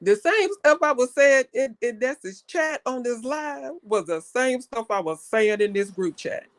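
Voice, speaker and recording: A woman's voice: on the high side, expressive, a little slow, no echo. Chatty woman hosting a live panel. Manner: chatty, storytelling, defensive. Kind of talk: casual talk on a live stream.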